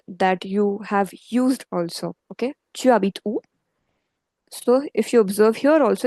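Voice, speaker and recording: A woman's voice: medium pitch, warm tone, no echo, rough recording. A woman teaching French grammar in a patient, step-by-step way, often checking in with "okay". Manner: patient, explains step by step with frequent okays. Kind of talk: online language lesson.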